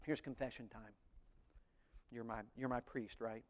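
A man preaching a sermon as pastor, animated, acting out voices and singing short snippets. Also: medium pitch, a little slow, in a large hall.

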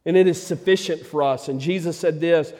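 High-voiced preacher in a reverberant hall. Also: male voice, brisk. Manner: emphatic preaching with sudden drops to a hushed tone. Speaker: pastor. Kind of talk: sermon. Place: church sanctuary.

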